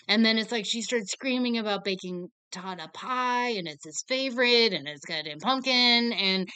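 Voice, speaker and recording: Young woman, casual film reviewer, rambling and animated, bright voice, dry close mic. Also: on the high side, brisk, hardly any pauses, smooth, no echo. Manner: rambling, animated, filler-heavy. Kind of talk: casual chat.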